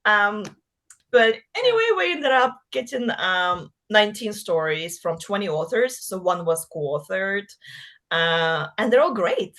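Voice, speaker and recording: A woman originally from Russia talks freely in a podcast interview, mid-pitched and relaxed. She laughs often and pads her sentences with "like" and "you know". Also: unhurried. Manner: chatty, laughs often, many fillers. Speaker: author guest. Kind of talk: casual interview chat.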